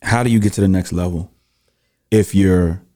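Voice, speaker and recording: Male podcast host, very low dark voice, thoughtful questions. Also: moderate pace. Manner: thoughtful, storytelling with restarts. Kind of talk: casual interview chat.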